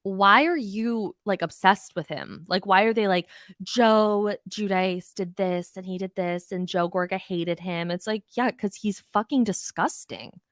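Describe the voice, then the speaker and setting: A woman's voice: mid-range voice, dry recording, clean studio sound. A woman hosting a podcast, ranting bluntly and profanely in a casual recap of reality TV. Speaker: podcast host.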